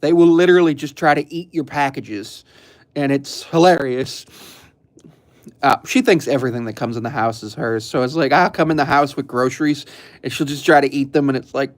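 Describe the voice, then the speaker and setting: Young male streamer, casual chat, rambling and relaxed, mid-range voice, lots of filler. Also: medium pitch, a little fast. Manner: rambling, laid-back, frequent ums and chuckles.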